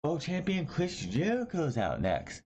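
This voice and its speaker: A man's voice: fairly high pitch, wildly swooping pitch, unhurried, a little mellow. A man giving a casual, opinionated recap of a wrestling show, blunt and rambling, often correcting himself mid-sentence. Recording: slightly dull lo-fi audio with faint hiss.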